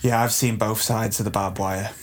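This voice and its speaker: A man doing a deadpan, mock-serious comedy chat, often hesitant and trailing off. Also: lowish voice, normal speed, slight background noise.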